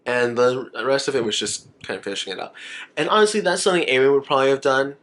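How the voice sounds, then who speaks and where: A man's voice: medium pitch, fast, fairly bright tone. A young man talks straight to his camera in a casual makeup vlog. He rambles freely, gets emotional and laughs often, in an ordinary mid-range voice. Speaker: makeup vlogger.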